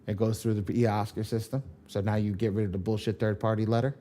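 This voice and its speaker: A man's voice: on the low side, level tone, fast, dark tone, a little hiss or hum. A man leading a live online training class on credit repair, emphatic, repeating his points and swearing casually.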